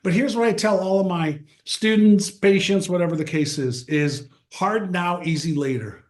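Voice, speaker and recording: A man in his sixties, a guest on an interview show, telling a story in a lively conversational way and acting out the quotes. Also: sits high, normal speed. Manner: animated, acts out quotes. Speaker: guest, mindset author.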